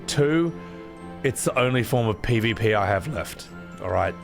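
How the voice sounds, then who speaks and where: A young man streaming a game, talking casually in a rambling, profane, animated way. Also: fairly low pitch, moderate pace, creaky, over music. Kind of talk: casual gameplay reaction stream.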